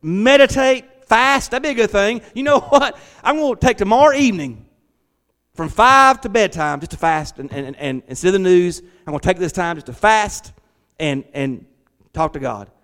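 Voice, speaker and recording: A middle-aged man, preaching a lively, conversational sermon from a church hall. He repeats his words and talks back to the congregation. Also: high-pitched, moderate pace. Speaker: pastor. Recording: long church hall reverb.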